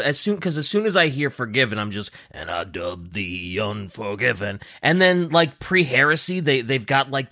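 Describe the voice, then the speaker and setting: A man's voice: on the high side, fairly bright tone, no room sound, studio quality. A man chatting casually and joking enthusiastically on a podcast about game lore. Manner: jokey, enthusiastic, playful.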